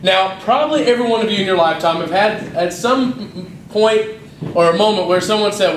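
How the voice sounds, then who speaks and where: A young man, a youth minister telling lively, self-mocking stories to a youth service. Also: high voice, brisk, a little hiss or hum. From North Georgia, USA. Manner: lively, self-mocking storyteller who acts out scenes. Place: church hall. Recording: roomy hall, mic at a distance.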